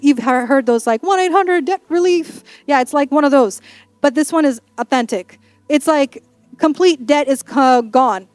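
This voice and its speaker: A woman's voice: sits high, darkish tone, no room sound. A woman pastor preaching a sermon in a church, in a playful, conversational way with acted-out asides.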